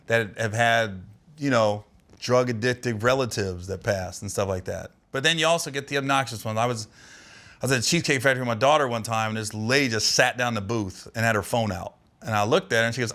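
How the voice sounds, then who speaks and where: Male comedian guest, bright and forceful tone, lively anecdote-teller from Ohio, casual podcast chat. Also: medium pitch, brisk. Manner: animated storyteller, laughing through anecdotes.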